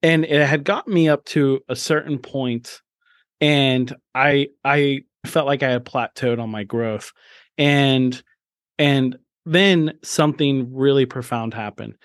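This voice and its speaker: A man's voice: mid-range voice, takes it slowly, no room sound. Earnest man telling a personal story. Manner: earnest and open, with frequent restarts and emphatic bursts. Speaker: podcast host. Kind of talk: candid personal storytelling in an interview.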